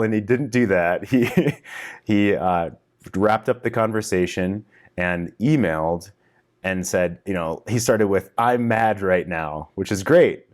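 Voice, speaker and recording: A man's voice: low voice, a little mellow. A middle-aged man coaching husbands in a frank, casual video lesson, swearing freely as he explains. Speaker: relationship coach.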